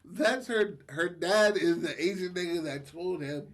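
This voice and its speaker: A man's voice: high-pitched, a little slow. A man co-hosting a podcast, retelling a story in loose, slangy casual chat. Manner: slangy, loose, full of fillers and laughs. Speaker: podcast co-host.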